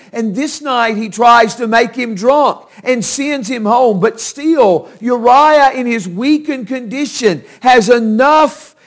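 A preacher with a very high-pitched voice delivers a sermon, retelling a scripture story. He speaks slowly and deliberately, leaning hard on key words for emphasis.

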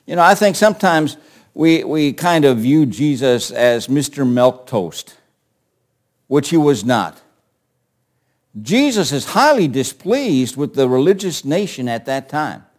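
A man preaching a sermon, asking his listeners rhetorical questions and swinging from quiet asides to forceful declarations. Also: medium pitch, big pitch swings, unhurried. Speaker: pastor.

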